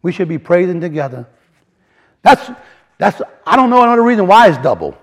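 Animated man preaching, lively high voice. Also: fairly quick. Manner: animated, repeats and restarts, rising emphasis, colloquial grammar. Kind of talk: sermon teaching from word studies.

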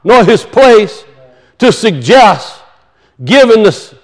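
A man with a high voice preaches a sermon, reading scripture aloud between his comments. He talks with emphasis, asks his listeners pointed questions and repeats words to drive his points home. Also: big pitch swings, slow pace, rough recording.

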